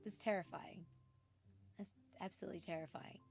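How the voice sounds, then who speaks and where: A woman's voice: fairly low pitch, steady tone, brisk, soft background music. A woman streaming a game, chatting casually, laughing often and reading the game text aloud.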